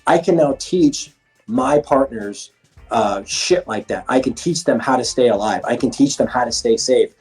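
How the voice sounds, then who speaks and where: Profane, animated man, mellow voice. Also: mid-range voice, moderate pace, soft background music. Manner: profane, animated storytelling with acted-out quotes. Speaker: former MMA fighter, police defensive tactics instructor. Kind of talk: casual interview chat.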